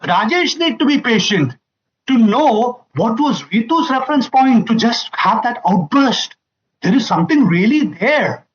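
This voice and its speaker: A man addresses an audience in an emphatic talk, his voice high and swinging widely in pitch. He hammers home key phrases and acts out the lines he quotes. The recording sounds dull and muffled. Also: big pitch swings, measured pace. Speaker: family seminar speaker.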